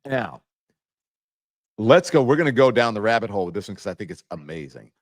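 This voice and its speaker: Lively mocking male show host. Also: brisk. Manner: animated, mocking, jumps into high exclaiming bursts. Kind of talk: political commentary show.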